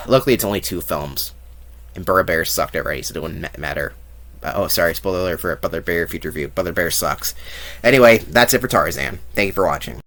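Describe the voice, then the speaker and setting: A man's voice: deep voice, a little fast, fairly bright tone. A man giving a blunt, profane movie review monologue, ranking things and mocking what he hates. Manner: blunt, profane and mocking, with fake sung bits.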